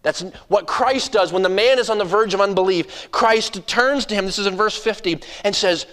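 A man preaching a sermon who drops to a hush and then rises to loud, urgent passages, often repeating words when he gets going. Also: high voice, animated, moderate pace, hardly any pauses. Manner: swings from hushed to loud and urgent, acts out voices. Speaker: pastor.

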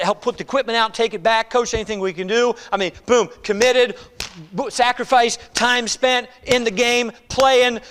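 A middle-aged man preaching a conversational, animated sermon, acting out quoted voices. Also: very high voice, a little hiss or hum. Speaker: pastor.

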